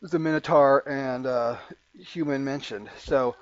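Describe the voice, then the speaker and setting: A man narrating as game master of a tabletop game, halting and full of fillers. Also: mid-range voice, steady tone, lo-fi sound. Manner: halting, with many fillers and restarts.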